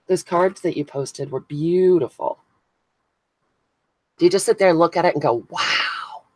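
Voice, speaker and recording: A craft channel host with a low, slightly mellow voice runs a casual live stream from her crafting table indoors, gluing on buttons, thinking aloud, and greeting viewers by name. The recording is dry and rough.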